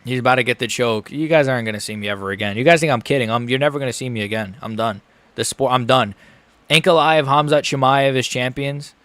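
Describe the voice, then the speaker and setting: Excitable young man reacting live. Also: mid-range voice, fast, no echo. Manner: excitable, swings from groaning despair to shouting; repeats himself, swears casually. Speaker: streamer reacting live to a fight.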